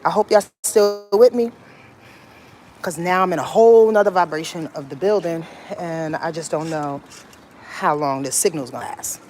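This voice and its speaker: A woman astrologer hosting a casual livestream on her handheld phone, talking in an animated, profane and emphatic way and repeating her points. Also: lowish voice, moderate pace, slight background noise. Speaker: astrologer hosting a weekly rundown. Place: moving through a building.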